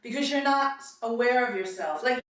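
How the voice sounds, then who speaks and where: A woman's voice: on the high side, moderate pace, fairly bright tone, heavy reverb, far from the mic. A woman from Queens with a New York accent, telling stories about acting class in a chatty way and acting out quotes. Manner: chatty, laughs often, acts out quotes. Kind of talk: casual storytelling monologue.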